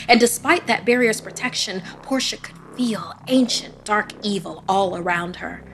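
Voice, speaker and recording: Female narrator for spooky tales, dramatic and hushed, mid pitch, soft music underneath. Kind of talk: scripted horror story narration.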